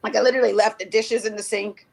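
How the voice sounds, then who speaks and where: Brief: woman guest, casual rambling talk, mid pitch, lots of restarts. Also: fairly even intonation, fast, vocal fry, darkish tone. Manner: rambling, with many restarts and acted-out quotes. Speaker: mother discussing cardology. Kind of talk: casual chat. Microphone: remote call.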